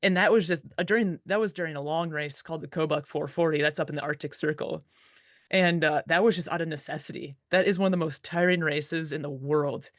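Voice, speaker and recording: A woman dog musher as an interview guest, telling stories in a relaxed, casual way with lots of "like" fillers and easy laughs. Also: low-pitched, a little fast, no room sound, clean studio sound.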